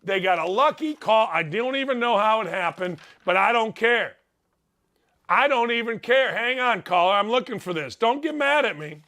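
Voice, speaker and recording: A middle-aged man hosting a sports show, telling stories in an animated, self-mocking way and repeating phrases for effect. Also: sits high, moderate pace. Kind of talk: animated casual monologue.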